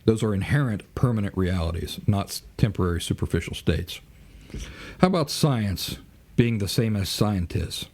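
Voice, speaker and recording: A man's voice: lowish voice, lively intonation, moderate pace, darkish tone. A man hosting a podcast, lecturing in a monologue full of rhetorical questions and acted-out mock exchanges. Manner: asks rhetorical questions and acts out mock dialogue. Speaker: podcast host.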